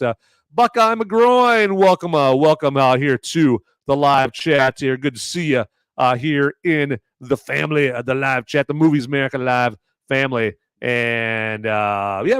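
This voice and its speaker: A man's voice: medium pitch, smooth, no room sound. A man hosting a live movie review stream in casual, rambling talk full of fillers and crude jokes. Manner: rambling, peppered with "uh" and "right there"; jokey, crude banter.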